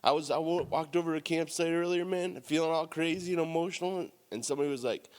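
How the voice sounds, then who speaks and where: This member of a recovery meeting has a slightly high, darkish voice and talks fast with barely a pause. Near tears, he shares bluntly and emotionally, full of profanity, "you know," and "man," his words ringing in a long hall reverb.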